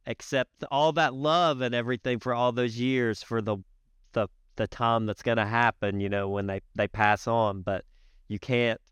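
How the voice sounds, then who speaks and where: A man hosting an interview podcast, speaking slowly and reassuringly with many fillers. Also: fairly low pitch, fairly bright tone, clear, resonant tone, dry recording, clean studio sound. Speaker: podcast host. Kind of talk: interview chat.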